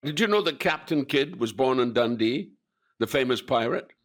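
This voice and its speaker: Here the older Scottish actor speaks in a mid-range voice with lively intonation at a moderate pace. As an interview guest he spins animated stories, cursing liberally and performing the voices of those he quotes.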